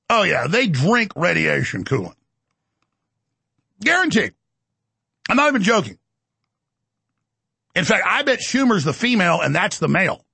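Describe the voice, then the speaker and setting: Gravelly, high-voiced ranting male host. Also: no room sound. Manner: rapid, ranting, animated, with mocking impressions. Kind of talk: political commentary rant.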